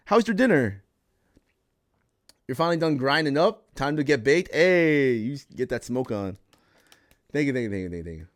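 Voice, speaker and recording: A man hosting a casual livestream podcast, talking loudly and with animation and often repeating himself while he chats with viewers. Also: mid-range voice, big pitch swings, brisk. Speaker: podcast host.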